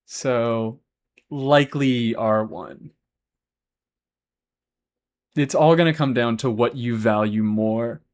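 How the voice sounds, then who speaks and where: A man's voice: medium pitch, slow, pauses often. A man live-streaming a game, chatting casually and answering chat, swearing freely as he talks. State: has hiccups.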